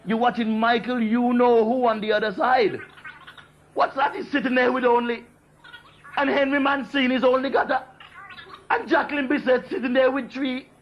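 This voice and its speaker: A comedian delivering cheeky, innuendo-laden gag patter to camera. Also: male voice, very high voice, fairly even intonation, normal speed. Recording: dull old TV broadcast with faint noise.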